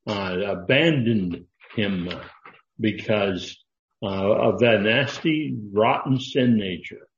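An older man preaches in a low, unhurried voice, pausing and restarting often as he works through his point. The recording is dull and lo-fi, with the echo of a large room around him. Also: a little hiss or hum. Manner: slow, halting, with many fillers and restarts. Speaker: pastor. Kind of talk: sermon.

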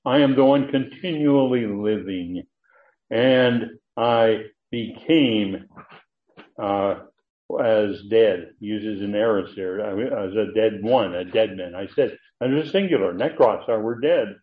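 Lowish male preacher, tinny phone-like sound. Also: takes it slowly. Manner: explains Greek grammar, frequent uh fillers, rising emphasis. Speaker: preacher teaching Bible study. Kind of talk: expository sermon.

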